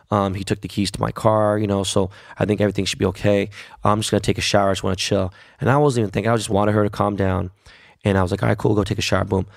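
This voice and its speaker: A man hosting a podcast, telling a story in a profane, animated, casual way. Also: fairly low pitch, vocal fry, no room sound, clean studio sound. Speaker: podcast host.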